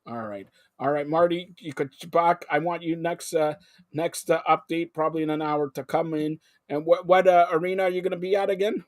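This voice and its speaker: A man hosting a live broadcast, talking in an excitable, rambling way that jumps between topics. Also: a little high, brisk, no echo, clean studio sound. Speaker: host. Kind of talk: live call-in broadcast chat.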